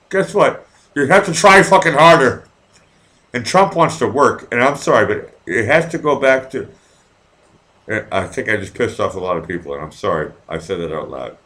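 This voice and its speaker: A man hosts a live stream, rambling and swearing freely as he reads out viewer comments. His talk wanders, and it swings between low mumbles and loud, fired-up bursts. His voice sits at an ordinary middle pitch. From Massachusetts, near Boston. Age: 40s.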